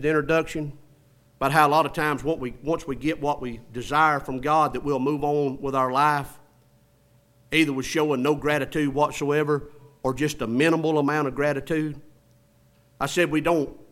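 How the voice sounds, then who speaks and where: Bright-voiced preacher, loud then hushed. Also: male voice. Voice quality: swings from loud preaching to hushed low tones. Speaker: pastor. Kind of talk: sermon.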